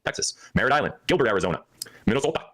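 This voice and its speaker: Hyper fast-talking man. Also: mid-range voice, big pitch swings, fairly bright tone, low-quality recording. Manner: hyper, joking, laughs often. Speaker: livestream host. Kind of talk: rambling livestream chat.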